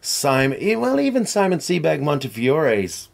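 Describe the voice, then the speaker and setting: Gravelly rambling middle-aged man. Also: on the high side, normal speed, slight background noise. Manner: rambling, tangential, animated storytelling. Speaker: guest. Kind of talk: casual chat.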